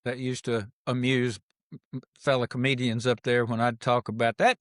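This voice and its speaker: A man's voice: medium pitch, level tone, normal speed, no room sound, studio quality. An older man from Mississippi with a Southern accent, a comedian chatting casually as a podcast guest, rambling and stopping himself mid-sentence. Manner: rambling, self-interrupting storyteller.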